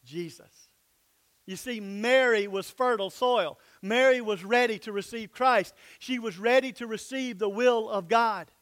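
A pastor preaching a sermon in a church, emphatic, sometimes dropping to soft, low asides. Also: male voice.

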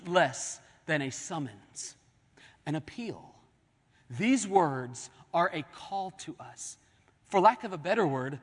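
A man delivers a sermon, his voice sitting high for a man. He stretches key words slowly, sinks almost to a whisper, then rises into loud declarations. The sound carries a long reverb from a church sanctuary. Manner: dramatic preaching, swelling and dropping to near-whispers. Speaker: pastor.

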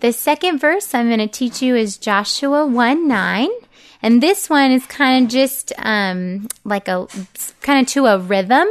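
A woman's voice: fairly high pitch, animated, measured pace, clear, resonant tone. A woman in her thirties, a mother teaching other parents how to learn Bible verses with their children, talking casually, earnestly and encouragingly, and walking through each step.

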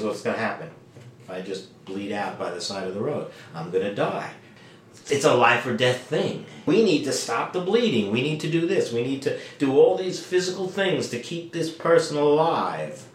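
A man leads a relaxed Bible study, pressing his points with emphatic rhetorical questions. His voice sits in the middle range and sounds set back from the microphone. The room around him rings with a lot of echo. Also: medium pitch, a little hiss or hum. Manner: emphatic, acts out quoted lines, asks rhetorical questions. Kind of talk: conversational Bible teaching. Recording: echoey room, distant mic.

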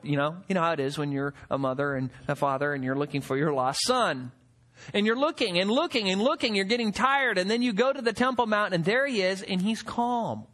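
A man's voice: high voice, a little fast. A man preaching a sermon, reading verses aloud, asking rhetorical questions and acting out the people in the story. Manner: expressive preaching, acts out quotes, rhetorical questions. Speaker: pastor.

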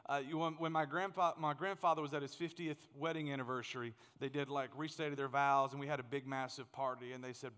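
A man in his thirties preaching a sermon as pastor, animated and joking, often repeating words as he gets going. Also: medium pitch, fast talker, hardly any pauses, clear, resonant tone, in a large hall.

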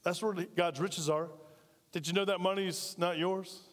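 A man's voice: sits high, steady tone, a little slow, big-room sound. A man preaching a sermon as pastor, talking conversationally and drawing call-and-response from his congregation in a large church. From United States.

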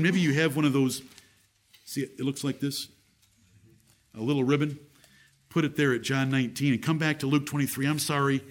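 A man preaching a sermon as pastor, reading scripture aloud with strong emphasis. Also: medium pitch.

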